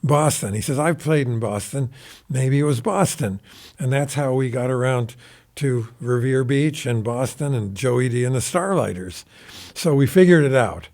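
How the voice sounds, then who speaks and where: A man in his seventies, a guest guitarist recounting stories in a recording studio, animated and rambling, with casual swearing. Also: mid-range voice, normal speed. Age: 70s. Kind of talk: casual anecdotal storytelling.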